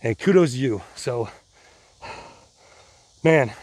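A man's voice: mid-range voice, animated, takes it slowly, a little mellow, no echo. A middle-aged man vlogging casually to his viewers, rambling and restarting, pumped up on adrenaline. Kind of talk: casual vlog talk to viewers.

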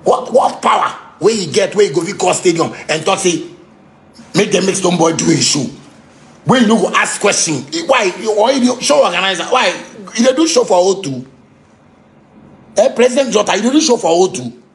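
A man with a Ghanaian Pidgin English accent ranting angrily, heated and repetitive, sometimes shouting. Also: high-pitched, lively intonation, brisk. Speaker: musician ranting on a livestream. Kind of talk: angry unscripted rant.

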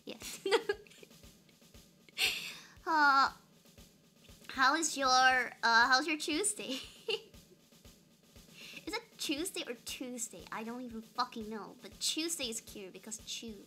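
A woman's voice: sits high, lively intonation, takes it slowly, long pauses, sharp tone. A young woman streaming a game, chatting playfully with her chat and giggling often. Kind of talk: casual live-stream chat.

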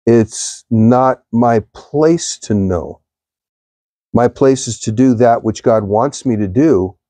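A man talks through a devotional live stream, rambling through stories and turning to his viewers as he goes. His voice is mellow and soft-toned. It is recorded close and dry, with no room echo. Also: medium pitch. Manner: rambling storytelling, addresses viewers.

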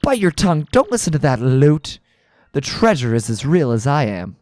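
A man voicing blustering mobster henchmen in a video game playthrough, with rough, mocking street slang. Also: on the high side, sing-song, normal speed, a little mellow, no echo. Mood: bickering. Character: blustering male mobster henchmen, dim and pushy.

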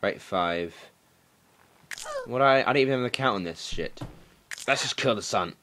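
A young man doing let's play commentary, excitable and swearing, shouting at the game. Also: medium pitch, moderate pace, a little hiss or hum. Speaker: gaming commentator.

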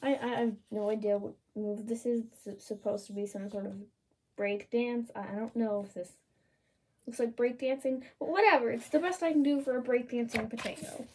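Playful woman doodle-vlogger, higher pitch, soft husky tone, casual chatty delivery. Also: moderate pace. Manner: playful, chatty, reads prompts in lively voices. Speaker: art channel creator. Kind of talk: casual drawing commentary.

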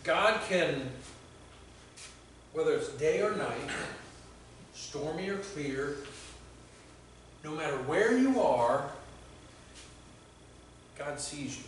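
Echoey pastor preaching from afar. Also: male voice, on the high side, animated, slight background noise. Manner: conversational storytelling, halting restarts. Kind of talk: sermon. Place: church sanctuary. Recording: very echoey church hall from far off.

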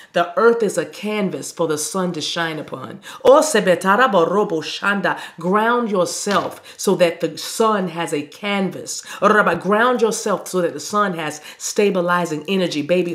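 A woman spiritual reader giving a talk and guided meditation, speaking slowly and soothingly in drawn-out phrases. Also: low-pitched.

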